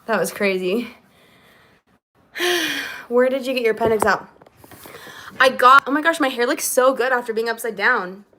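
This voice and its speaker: A young woman chats casually on a livestream from a small home room, giggling often and reading out her viewers' comments. Her voice sits a little high. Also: lively intonation, normal speed, long pauses, sharp tone. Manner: giggly, chatty, reads viewer comments aloud. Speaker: singer livestreaming to her chat. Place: small home basement apartment.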